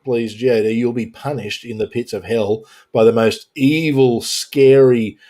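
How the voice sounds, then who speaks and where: A man's voice: mid-range voice, fairly even intonation, a little slow, mellow. A man hosting a casual panel chat on a live stream, joking and sarcastic, with mock-serious bits, talking into a home mic on a video call.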